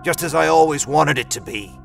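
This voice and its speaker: A man voicing a menacing, unhinged man who talks in low, slow, ominous mutters. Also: vocal fry, music in the background. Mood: eerie.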